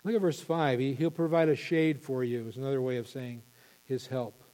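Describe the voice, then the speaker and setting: A male pastor preaching an impassioned sermon, building to loud emphatic peaks. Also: medium pitch, fairly even intonation, moderate pace, big-room sound.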